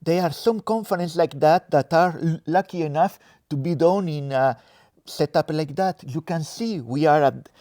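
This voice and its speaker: Brief: Spanish man, Spanish-French accent, warm mellow tone, dry close sound, easygoing guest. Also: fairly high pitch, normal speed, dry recording. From Spain. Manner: relaxed, self-deprecating, searching for words. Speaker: interview guest, developer advocate. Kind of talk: casual interview answers. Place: conference venue in a cinema.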